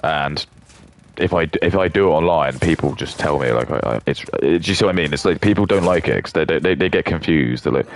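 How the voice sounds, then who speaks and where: Very deep, gravelly-voiced male streamer. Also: fast. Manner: sarcastic, swearing, rambling. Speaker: gaming streamer. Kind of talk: casual gameplay commentary.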